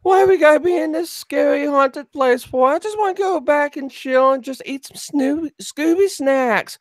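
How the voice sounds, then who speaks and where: A streamer putting on the voice of a lazy, easily scared young cartoon slacker man in a drawling, high-pitched tone. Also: normal speed, no room sound, lightly acted. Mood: whiny.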